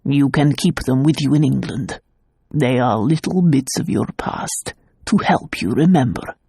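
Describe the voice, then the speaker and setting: A woman voicing a gruff, protective middle-aged uncle in an audiobook, speaking gravely and bluntly. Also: measured pace, mellow, no echo, exaggerated voice. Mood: tender. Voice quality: low, gravelly and husky. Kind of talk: audiobook character voice.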